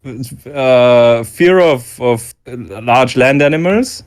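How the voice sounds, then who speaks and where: A man in a casual online chat, delivering deadpan, rambling jokes with frequent stammers. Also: medium pitch, slow. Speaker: regular guest.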